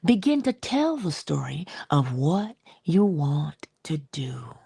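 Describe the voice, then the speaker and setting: A middle-aged woman giving an inspirational spiritual talk in a conversational, expressive way, slipping into little acted-out quotes. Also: deep voice, slow, creaky, breathy edge, no room sound, clean studio sound. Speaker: inspirational speaker.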